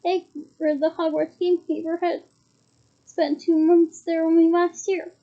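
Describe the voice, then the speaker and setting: Very high-voiced woman reading a storybook. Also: level tone, a little slow, warm tone. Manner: casual reading with slips and self-corrections. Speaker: reader. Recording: muffled lo-fi recording.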